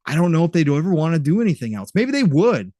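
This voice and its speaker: A male podcast host in animated, profane casual chat, reading viewer comments. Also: on the high side, no echo, clean studio sound. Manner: animated, profane, quick to laugh.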